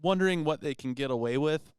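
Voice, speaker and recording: A man's voice: on the high side, fast, clean tone, no room sound, studio quality. A man hosting a casual history podcast, laid-back, telling the story and laughing along with his co-hosts. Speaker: podcast host presenting history.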